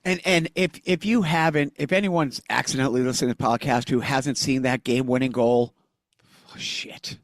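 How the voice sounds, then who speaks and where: A man's voice: medium pitch, steady tone, moderate pace, no room sound. A man co-hosting a podcast in casual chat, joking and teasing his co-host.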